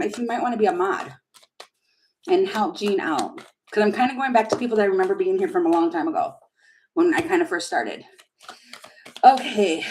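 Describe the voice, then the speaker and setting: Woman, tarot reader on a live stream, slightly high-pitched, keeps giggling and getting flustered. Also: a little mellow, low-quality recording. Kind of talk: live tarot reading chat.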